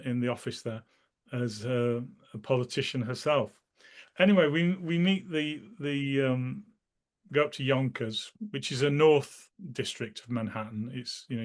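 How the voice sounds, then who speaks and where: A man being interviewed, casually recalling memories in a rambling way, often restarting his sentences and acting out the people in his stories. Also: mid-range voice. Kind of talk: casual spoken recollection.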